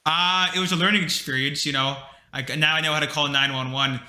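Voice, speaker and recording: Bright-voiced young man in an echoey room. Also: fairly high pitch, fairly even intonation, brisk. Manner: rambling storyteller, lots of fillers. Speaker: podcast co-host. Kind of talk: casual chat. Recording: roomy echo.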